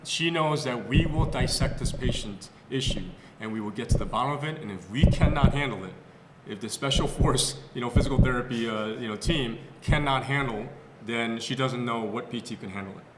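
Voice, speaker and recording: On a podcast recorded in a clinic room with a roomy, long-reverb echo, a male physical therapist tells patient stories casually. His medium-pitched voice is brisk and animated, full of fillers and restarts, and the recording is very noisy.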